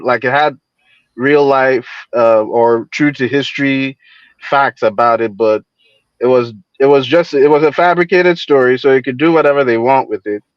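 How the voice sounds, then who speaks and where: A man's voice: medium pitch, dry recording. Guy calling into a stream, keeps restarting his words, muffled dry line. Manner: halting, repeats words, gets heated. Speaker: stream guest. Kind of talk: casual call-in commentary. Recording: dull, dry lo-fi call audio.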